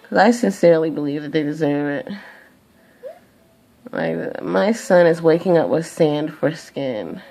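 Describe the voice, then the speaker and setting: Gravelly young woman ranting, profane. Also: low-pitched, animated, unhurried, dark tone. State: tired. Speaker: vlogger. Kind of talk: venting monologue to camera.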